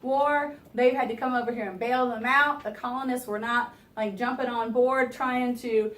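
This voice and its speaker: A woman teacher running a review lesson for her class, lively and chatty, pitched a touch high. She is recorded from across an echoey classroom, with faint room noise behind her. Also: normal speed, distant mic. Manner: lively, talks to students, keeps asking "right?". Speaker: history teacher.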